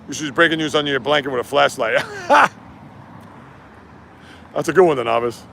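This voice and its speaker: A man hosting a casual sports livestream outdoors while walking, ranting and reading chat comments in an animated way. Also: mid-range voice, brisk, gravelly, a little hiss or hum.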